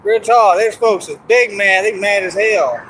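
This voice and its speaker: A man's voice: high voice, measured pace, fairly bright tone. A man ranting on his livestream, mocking and boastful, and laughing at his own jokes. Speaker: streamer. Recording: noisy background hiss.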